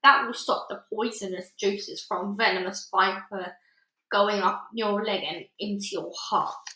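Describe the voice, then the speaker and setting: A woman's voice: mid-range voice, measured pace, sharp tone. A woman voicing a big, kind old male giant who talks earnestly in jumbled grammar full of made-up words. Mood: urgent, crafty. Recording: roomy echo.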